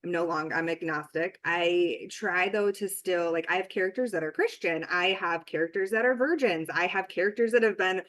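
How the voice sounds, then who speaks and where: A woman's voice: on the low side, fairly quick, few pauses, a bit bright. A woman author in a casual podcast conversation, talking in a rambling way with many restarts and fillers.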